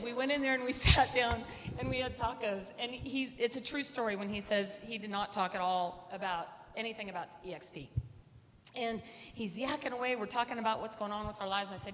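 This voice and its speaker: A woman's voice: on the high side, fairly even intonation, a little fast, a bit bright. A middle-aged woman speaking on stage at a conference, telling a personal story and acting out the voices of the people in it. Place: large conference hall. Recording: reverberant hall with faint room noise.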